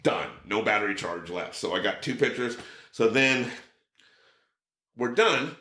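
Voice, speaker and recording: A man guest on a chat podcast, telling an animated story, swearing freely and acting out the people in it. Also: mid-range voice, measured pace, roomy sound.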